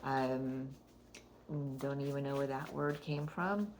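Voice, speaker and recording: A woman's voice: a bass voice, slow pace, slight background noise. A middle-aged woman giving a casual spiritual card reading, rambling and thinking aloud, often breaking into laughter. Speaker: oracle card reader.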